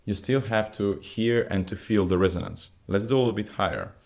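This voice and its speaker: Male vocal coach, somewhat low voice; patient, step-by-step singing lesson delivery with slightly phrasing. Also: brisk, a little mellow. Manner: non-native phrasing, patient step-by-step explaining.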